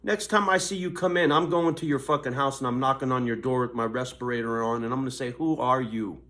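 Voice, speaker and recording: A man's voice: mid-range voice, steady tone, quick pace, a bit bright. An older man vlogging, cursing constantly in a riled-up, confrontational rant. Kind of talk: angry ranting vlog.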